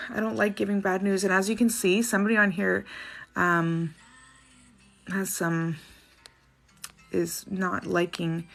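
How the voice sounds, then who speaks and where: Canadian woman on a live stream, bit of vocal fry, reading out names and questions fast, faint music behind. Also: medium pitch, little pitch movement. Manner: reads out names and questions briskly, soft apologetic asides. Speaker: spiritual reader doing live dowsing rod answers. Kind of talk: livestream reading viewer questions.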